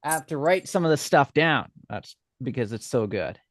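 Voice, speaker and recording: A man's voice: medium pitch, lively intonation, moderate pace, dry recording, clean studio sound. A man who is a radio weatherman and panelist, playful and joining in on the jokes. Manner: playful, laughing along. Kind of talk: casual chat.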